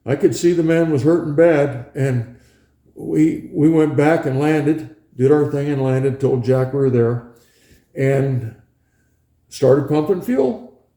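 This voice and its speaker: A man's voice: on the high side, slow pace, mellow. An older man, a former pilot, casually reminiscing about research flights, chatty and chuckling as he acts out scenes. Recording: roomy echo.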